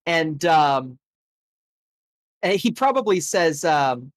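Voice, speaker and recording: A man narrates as game master with a slightly higher voice, enthusiastic and a bit rambling. The sound is dry and close. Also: normal speed, no echo.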